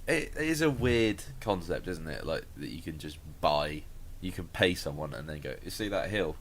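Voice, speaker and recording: A man's voice: rumbling low, expressive, normal speed, slight background noise. A man co-hosting a casual podcast chat, joking, laughing often and swearing. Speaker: podcast co-host.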